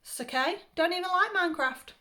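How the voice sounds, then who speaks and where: A woman's voice: very high voice, brisk, bright, forceful tone, pitched above the performer's own voice. Woman doing a cheeky, stubborn boy. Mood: defiant. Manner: defiant and cheeky. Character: stubborn young boy refusing food.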